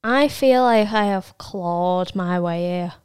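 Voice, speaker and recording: A woman co-hosting a podcast in casual chat, confident and teasing, with quick interjections. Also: on the low side, a little mellow, smooth. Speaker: podcast co-host and comedian.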